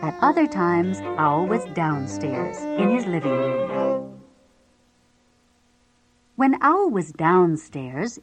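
A woman reading a children's picture book aloud in a slow, expressive storytelling manner, with violin music playing underneath. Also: on the low side. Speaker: storybook reader.

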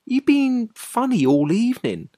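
A woman's voice: a little high, very animated, measured pace, dark tone, dry recording, studio quality. A woman voicing an anxious young man who pleads and grows exasperated in a dramatized story. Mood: pleading. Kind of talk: dramatized short story reading.

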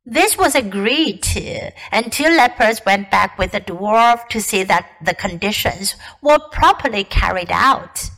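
A woman teacher reading a classic storybook aloud in a careful, expressive way. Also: medium pitch, unhurried, hardly any pauses, rough recording.

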